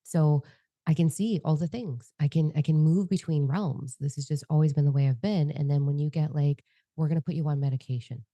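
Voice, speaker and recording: A woman co-hosting a podcast in candid casual conversation, talking fast and without a filter, swearing freely. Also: sits low, fairly even intonation, warm tone, no echo. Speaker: podcast co-host and psychic medium.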